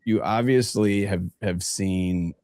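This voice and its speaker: A low-voiced man hosting a casual interview in a dry, close recording. He rambles playfully through long questions, padding them with fillers and asides. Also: slow pace, darkish tone, no room sound. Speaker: interviewer, host.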